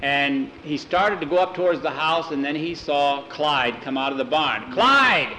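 A man telling a story aloud in plain, unhurried narration, acting out the dialogue. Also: on the high side, steady tone, a bit bright, roomy sound, slight background noise, low-quality recording. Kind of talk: oral storytelling.

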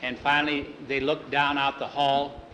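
A man telling a story aloud in a relaxed way, repeating "he said" before each line of dialogue. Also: medium pitch, normal speed, roomy sound, a little hiss or hum, rough recording. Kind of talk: oral storytelling with many voices.

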